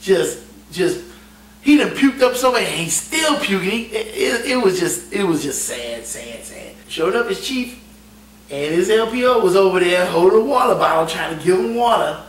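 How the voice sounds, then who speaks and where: A man casually telling a navy story, animated and profane and laughing often. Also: sits high, moderate pace. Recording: roomy echo, distant mic, faint hum.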